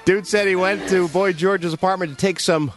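A man's voice: sits high, steady tone, normal speed, music in the background. A man hosting a radio show, reading entertainment news in wry, joking casual banter with frequent laughs.

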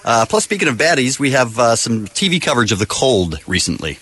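A man's voice: mid-range voice, very animated, brisk, a bit bright, slightly rough. A man co-hosting a morning radio show, chatting casually and arguing playfully. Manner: laid-back, playfully argumentative. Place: radio studio.

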